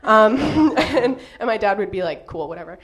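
A woman's voice: on the high side, lively intonation, measured pace. A young woman telling a personal story to an audience, laughing often as she talks.

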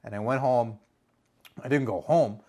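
A man telling a story on a podcast in a casual, animated way, swearing freely and breaking into loud exclamations. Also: mid-range voice, unhurried.

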